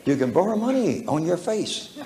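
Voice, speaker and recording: Gravelly man preaching a folksy sermon. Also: sits high, very animated, moderate pace, warm tone. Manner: folksy, humorous storytelling with chuckles. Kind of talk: storytelling sermon. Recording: echoey hall with faint room noise.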